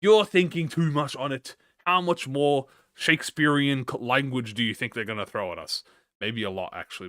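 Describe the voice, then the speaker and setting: A man's voice: medium pitch, a bit bright, no echo, clean studio sound. A man livestreaming, chatting casually with viewers and reading a story aloud, stuttering and restarting often. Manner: encouraging, talks to chat with slang.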